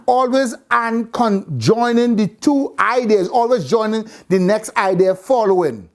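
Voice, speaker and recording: A woman's voice: on the high side, a little slow, few pauses. A woman teaching a Bible class, repeating phrases and quizzing her students with questions. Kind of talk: interactive scripture class.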